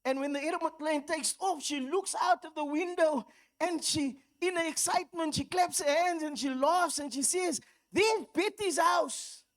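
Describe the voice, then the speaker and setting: A woman's voice: high-pitched, normal speed. A woman preacher with a South African accent, giving a sermon that moves from storytelling into fervent exhortation.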